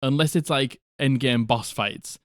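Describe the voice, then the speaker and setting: A man's voice: mid-range voice, a little slow, dry recording, clean studio sound. A man co-hosting a podcast, talking casually and often swearing, with a habit of asking if you know what he means. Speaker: podcast co-host, game master. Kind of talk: casual chat.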